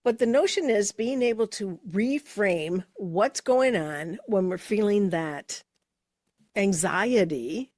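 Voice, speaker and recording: A woman co-hosting a motivational podcast, speaking in a measured, reflective way as she builds her points. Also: mid-range voice, lively intonation, darkish tone, no echo, clean studio sound. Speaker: podcast co-host. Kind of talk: casual motivational chat.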